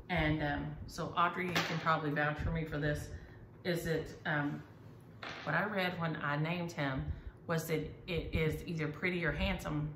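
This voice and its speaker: A middle-aged woman, chatting casually and enthusiastically as she shows her needlework. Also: sits low. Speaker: needlework vlogger. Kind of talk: casual chat. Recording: echoey room, faint ambient noise.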